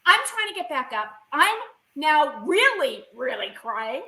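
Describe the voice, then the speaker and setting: Bright-voiced woman telling an emotional story. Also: sits high, big pitch swings, unhurried, echoey room, rough recording. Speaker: guest. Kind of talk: recounting a personal experience in an interview.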